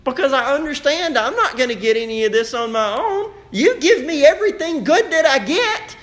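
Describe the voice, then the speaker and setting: A man's voice: very high-pitched, expressive, moderate pace, fairly bright tone, pitched above the performer's own voice. A man voicing a small toddler girl who reasons earnestly and plainly about asking for what she wants.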